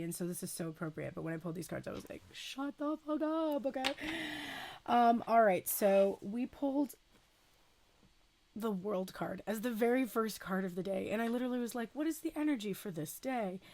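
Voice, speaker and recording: Woman tarot reader, chatty and unhurried, mid-pitched. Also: darkish tone. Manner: chatty and unhurried, with fillers and self-talk. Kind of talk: casual spoken tarot reading.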